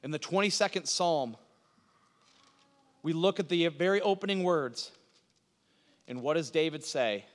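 A man preaching from the pulpit, his slightly high voice ringing through a church with a long hall reverb. He moves between quiet, low-pitched passages and loud, fervent climaxes. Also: unhurried, long pauses. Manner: preaching with big swings from hushed to loud. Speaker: pastor. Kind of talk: sermon.

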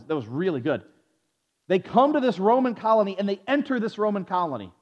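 A man's voice: high voice, darkish tone, long reverb tail. A man preaching a Bible lesson who repeats words and restarts his phrases often, asking his listeners questions, on a dull, lo-fi recording. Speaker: preacher teaching a Bible study. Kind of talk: sermon.

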